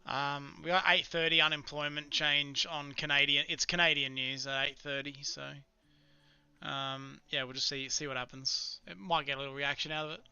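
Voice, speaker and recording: A man's voice: fairly high pitch, level tone, normal speed, bright, forceful tone, smooth, dry recording, lo-fi sound. A man chatting casually through a live trading stream, muttering to himself about his charts. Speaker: live-streaming futures trader.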